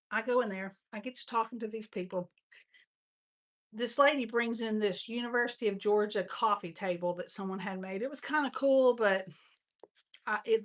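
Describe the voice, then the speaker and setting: A woman with a Texan accent hosting a live crafting stream, chatting and rambling through stories as she shows her supplies. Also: medium pitch. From Texas. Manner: chatty, rambling storyteller, says y'all. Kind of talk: casual crafting chat.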